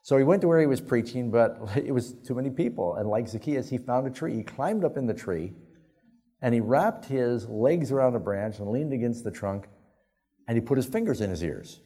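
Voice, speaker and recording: A man's voice: mid-range voice, expressive, normal speed, dark tone. A male pastor preaching a sermon, telling anecdotes in a folksy, conversational way. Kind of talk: sermon storytelling.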